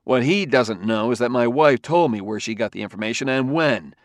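A man playing a suspicious male police detective who talks in a forceful, intense, accusing way. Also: mid-range voice, normal speed, no echo, studio quality, close to an everyday voice. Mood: heated.

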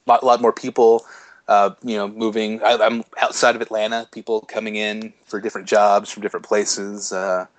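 A man's voice: fairly low pitch, flat delivery, moderate pace, dry recording. A man co-hosting a casual podcast, talking in a chatty way with frequent laughs, fillers and restarts. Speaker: podcast co-host. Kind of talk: casual chat.

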